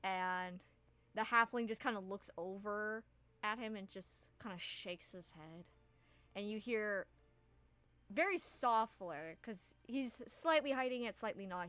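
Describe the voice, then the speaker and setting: A woman's voice: mid-range voice, measured pace, pushed and bright. A woman game master narrating a tabletop game in a casual, rambling way with many fillers.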